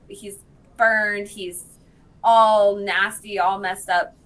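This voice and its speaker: A woman recapping TV episodes in casual chat, telling the story with lots of fillers and quick bits of the characters' lines. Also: mid-range voice, fairly even intonation, fairly bright tone, low-quality recording. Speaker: podcast guest.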